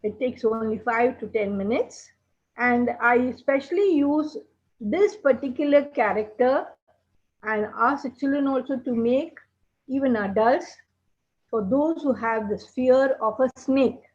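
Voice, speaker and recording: Slow-spoken woman teaching puppetry. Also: high voice. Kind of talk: teaching workshop talk. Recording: dull lo-fi sound.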